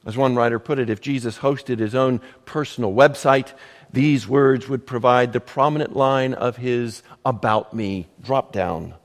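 A pastor preaching a sermon, emphatic and measured, with dramatic pauses and rhetorical questions. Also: male voice, mid-range voice, big-room sound.

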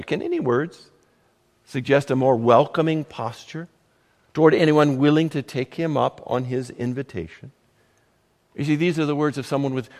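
A pastor preaching a sermon, emphatic and measured, with dramatic pauses and rhetorical questions. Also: male voice, mid-range voice, darkish tone, long reverb tail.

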